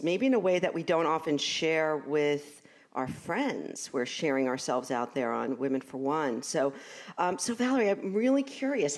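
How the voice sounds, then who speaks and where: A woman from Brooklyn with a Brooklyn accent, hosting an interview in a chatty, animated way. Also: deep voice. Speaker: podcast host. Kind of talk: casual interview chat.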